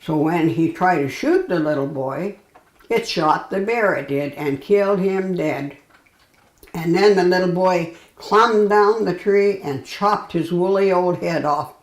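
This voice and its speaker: A woman reading a folksy children's bedtime story aloud, pausing and correcting herself as she goes. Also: lowish voice, echoey room, poor audio. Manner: halting, self-correcting storytelling.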